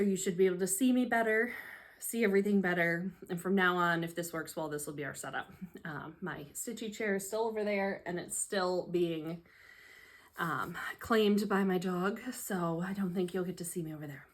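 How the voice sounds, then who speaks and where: A woman, hosting a casual home hobby vlog, chatty, sarcastic and self-deprecating, often laughing, recorded on a phone at home. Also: on the low side. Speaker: hobby vlogger. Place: home room, seated at a tray table. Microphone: phone camera.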